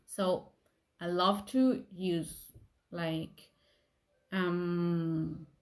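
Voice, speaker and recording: A young woman giving a gentle talk about emotions, softly reassuring and acting out inner thoughts. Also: on the low side, steady tone, drawn-out words.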